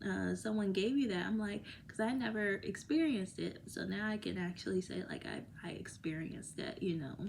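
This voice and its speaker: A woman in a casual vlog, talking in a loose, rambling way and laughing often. Her voice sits at a middle pitch, and at times she slips into a whisper. A faint hiss of noise runs underneath. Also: expressive, moderate pace, creaky, few pauses, darkish tone. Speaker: vlogger. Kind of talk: casual chat to camera.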